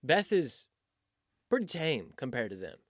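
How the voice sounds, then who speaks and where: A young man from Texas hosts a laid-back podcast, talking in a playful, joking way. His voice sits at an ordinary pitch and sounds close and dry, with no room around it. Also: very animated, measured pace, a bit bright, no echo. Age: young adult. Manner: joking, playful, slips into mock Southern drawl. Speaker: podcast host. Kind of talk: casual chat.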